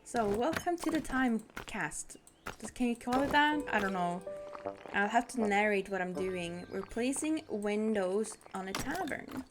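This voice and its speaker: A woman's voice: mid-range voice, animated, unhurried. Bubbly young woman streamer narrating her game, giggly and chatty, music playing behind. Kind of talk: casual gameplay chat. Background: background music.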